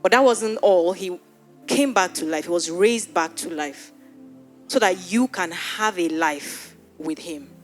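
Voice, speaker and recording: Woman pastor, earnest pleading sermon, low voice, faint music underneath. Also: unhurried. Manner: earnest, pleading, repeats words. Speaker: pastor leading an altar call. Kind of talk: sermon altar call and prayer. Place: church hall with live audience.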